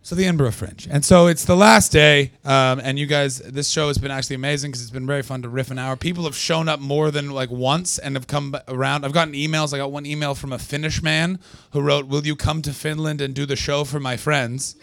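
A young Canadian man doing live stand-up at a small festival venue, profane and sarcastic, riffing with the crowd and breaking into yelled punchlines. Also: on the high side, steady tone, a little fast, vocal fry, hardly any pauses. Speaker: stand-up comedian.

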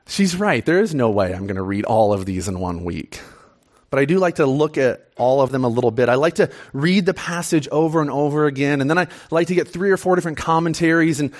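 A young man preaching a sermon in an excitable, chatty, self-deprecating way. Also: fairly high pitch.

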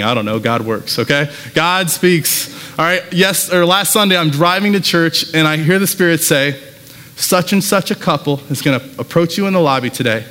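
A man's voice: on the high side, fairly bright tone. A man preaching a sermon as pastor, talking casually and telling stories with lots of fillers, in a church. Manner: casual, conversational storytelling with many fillers. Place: church sanctuary. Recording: long hall reverb.

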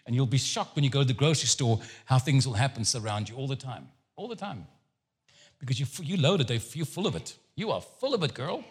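A man preaching a sermon as a guest speaker, telling stories with jokes and an animated, lively delivery. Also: medium pitch, brisk, breathy edge. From Jewish background. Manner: animated, joking storyteller.

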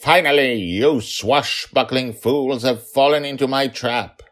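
A man voicing a scheming female witch villain in a storytelling podcast, with gloating, drawn-out taunts. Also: mid-range voice, fairly bright tone, voice pushed up, close to an everyday voice.

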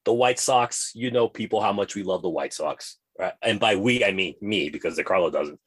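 A man with a deep, husky voice co-hosts a casual podcast. He rambles happily from one tangent to the next, playful and chatty. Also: expressive, moderate pace. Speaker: podcast co-host.

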